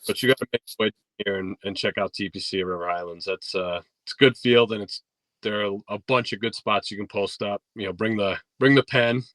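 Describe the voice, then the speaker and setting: A man's voice: on the low side, brisk, dry recording. Laid-back New man telling golf stories. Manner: relaxed storytelling with fillers and restarts. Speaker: podcast guest, golf instructor. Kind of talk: casual interview chat. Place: podcast studio.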